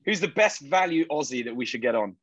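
A man's voice: fairly high pitch, expressive, fairly quick, fairly bright tone, slightly rough, no echo, highs cut off. A man hosting a podcast, firing off short interview questions and wrapping up the show. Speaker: podcast host. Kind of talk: rapid-fire interview questions.

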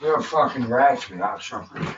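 A man on a livestream, chatting in a rambling, profane, emotional way, swinging between shouts and mutters. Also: medium pitch, animated, normal speed, recorded from a distance, muffled recording, noisy background.

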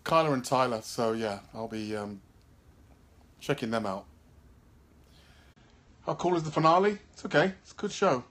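Tired man from Birmingham, actor, relaxed live-stream chat through a handheld phone, throat-clearing, trailing ums. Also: mid-range voice, moderate pace, pauses often. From Birmingham, England. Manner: laid-back, keeps clearing his throat, trails off with ums. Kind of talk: casual live-stream chat, reading viewer comments. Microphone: phone held in hand.

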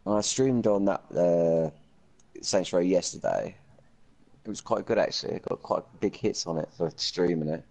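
A man's voice: low-pitched, normal speed, creaky, a little mellow. A man livestreaming a video game, chatting in a friendly way with friends and viewers over a headset. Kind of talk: casual gaming chat.

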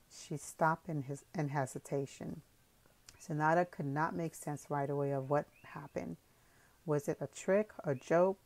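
A woman reading an audiobook in calm, measured scripted narration. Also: low voice, no room sound.

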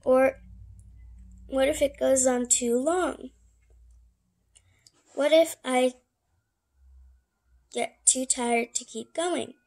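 A woman's voice: sits high, steady tone, very slow, long pauses, darkish tone, heavily acted. A woman voicing a cautious, fearful father cat in a picture book.

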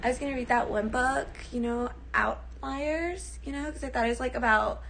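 A woman voicing an airheaded young woman who talks softly and breathily with lots of valley-girl fillers. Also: sits high, normal speed, vocal fry, a little hiss or hum, rough recording. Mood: airy.

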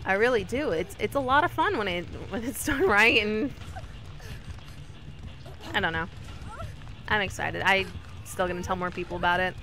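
A woman streamer giving casual commentary while she plays, chatty and talking to her teammates and the killer, with sudden excited yelps. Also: mid-range voice, fairly quick, faint music behind. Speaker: gaming streamer.

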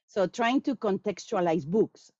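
A woman answering questions after a talk on language teaching, animated and acting out quoted students. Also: medium pitch, unhurried, no echo. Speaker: guest speaker on language teaching. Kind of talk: lecture Q&A answer. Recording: dull lo-fi sound.

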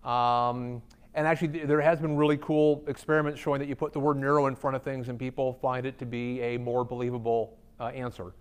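A man's voice: medium pitch, flat delivery, brisk, smooth. A man speaking as a guest at a company talk, answering audience questions in a candid, conversational way with frequent ums. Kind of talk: conference Q&A talk. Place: company event room.

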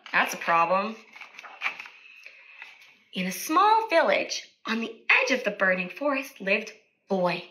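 A woman speech-language therapist reading a picture book aloud to children, animated and stopping to ask questions. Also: medium pitch, slow pace, long pauses, poor audio.

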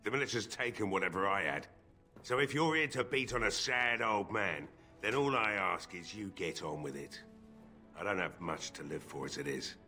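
An actor playing a grieving, drunk old blacksmith in a video game, weary and despairing. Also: male voice, deep voice, moderate pace, pushed and bright, faint music behind. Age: older.

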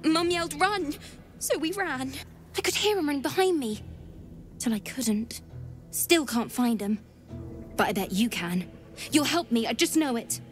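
An actress voicing a scrappy, streetwise young tiefling girl who talks in rough folksy grammar, from a game. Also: high-pitched, lively intonation, a little slow, long pauses. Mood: sad. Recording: game audio with music behind.

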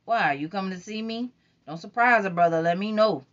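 A woman's voice: medium pitch, fairly quick, voice pushed up, lightly acted. A woman voicing a crude, cocky young man on tour in an audiobook reading, teasing and suspicious, on a dull lo-fi recording.

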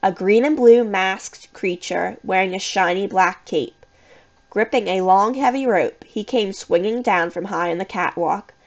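A woman narrating a children's scary story in the first person, with an expressive, suspenseful reading. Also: medium pitch, a little slow, highs cut off. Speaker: audiobook reader.

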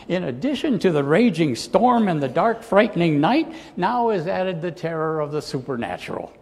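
A male pastor preaching a sermon in a dramatic style, often sinking to soft, low endings. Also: sing-song, moderate pace, few pauses, breathy edge, big-room sound. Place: church sanctuary.

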